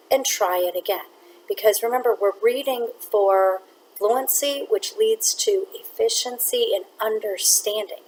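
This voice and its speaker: Clear, deliberate woman teaching reading. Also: mid-range voice, a little mellow, slight background noise, low-quality recording. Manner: clear, deliberate teacher talk, reads words one at a time to demonstrate. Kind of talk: classroom reading lesson.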